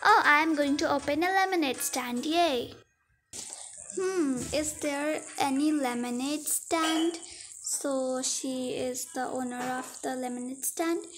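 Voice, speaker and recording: A woman's voice: high-pitched, slow pace, a bit bright. A woman, chattily narrating a toy role-play and talking to viewers as guys. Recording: faint music underneath.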